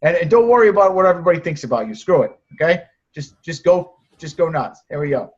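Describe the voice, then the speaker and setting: A man's voice: a little high, quick pace, husky. A man coaching sellers on a group call, direct and encouraging, often restarting his sentences. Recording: muffled lo-fi audio.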